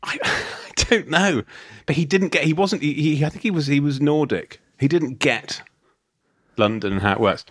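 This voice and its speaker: A man's voice: fairly high pitch, normal speed, a bit bright, no echo. A man co-hosting a comedy podcast, rambling and laughing often as he tells stories. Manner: rambling, laughs often, breaks into silly voices. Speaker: podcast co-host. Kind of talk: casual comedic chat.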